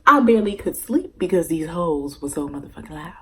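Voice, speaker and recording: A young woman telling a story-time vlog in a casual, animated way, swearing freely as she goes. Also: lowish voice, a little fast, a little hiss or hum, poor audio. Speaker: vlogger.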